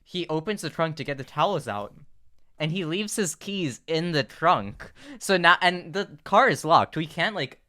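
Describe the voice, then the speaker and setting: A young man co-hosting a casual podcast, telling a story in a relaxed way and laughing along. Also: fairly high pitch, unhurried. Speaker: podcast co-host. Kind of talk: casual chat.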